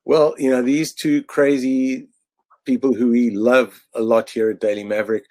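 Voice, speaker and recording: A man from South Africa, a cartoonist walking an online audience through his cartoons in a halting way, with many restarts. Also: medium pitch, little pitch movement, a little mellow, dry recording. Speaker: cartoonist presenting his annual.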